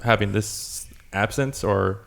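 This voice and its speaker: A man chatting casually on a podcast in a gravelly, fairly low voice. He talks in a laid-back, slangy way. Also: slow pace, a bit bright. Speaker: podcast co-host. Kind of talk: casual chat.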